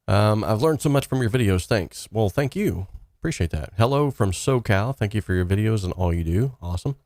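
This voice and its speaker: A man hosting a live stream, casually reading and answering chat questions with rambling, energetic talk. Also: on the low side, fairly quick, dry recording, clean studio sound. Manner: energetic, rambling, reads chat comments aloud.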